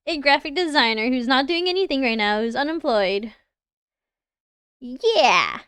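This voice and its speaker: A woman's voice: high-pitched, lively intonation, fairly quick, a bit bright, clean tone, dry recording. A young woman with a Canadian accent, chatting casually and giggling as she reacts to viewers on a livestream. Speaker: livestreamer reviewing design work.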